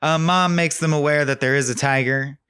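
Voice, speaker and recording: A man's voice: on the high side, fairly even intonation, normal speed, sharp tone, smooth, dry recording, studio quality. A man co-hosting a podcast, casually and animatedly recapping film scenes and quoting the lines. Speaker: podcast co-host.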